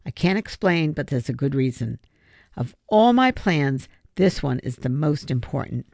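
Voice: mid-range voice, sing-song, normal speed, creaky, darkish tone, no echo. A reader voicing an eager, determined boy who pleads and insists on his plan, in an audiobook. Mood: pleading. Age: young boy. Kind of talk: audiobook character voice.

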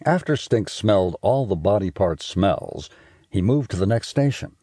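A man narrating a children's audiobook in a playful, expressive way. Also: fairly low pitch, moderate pace, husky, no echo, clean studio sound.

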